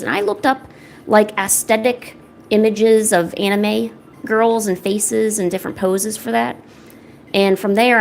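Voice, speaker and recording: A woman's voice: mid-range voice, creaky, a little hiss or hum. A young woman streaming as she paints, chatting casually and rambling to her viewers. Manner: rambling, chatty, talks to chat and a pet. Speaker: art streamer. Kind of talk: casual livestream chat while painting.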